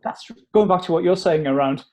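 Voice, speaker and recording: A man from Wales hosting a podcast in casual chat, curious and conversational, with a frog in his throat and frequent throat-clearing. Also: sits high, a little fast, warm tone. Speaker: podcast host.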